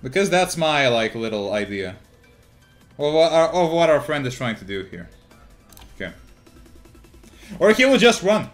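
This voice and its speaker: A young man with a fairly high, very lively voice commentates his card game, jumping from loud shouts of hype down to low, mumbled thinking aloud. He swears casually and laughs a lot. Faint music plays behind him. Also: measured pace, long pauses. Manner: swings between loud hype yelling and muttered thinking aloud. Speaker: gaming YouTuber. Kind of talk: excited gameplay commentary.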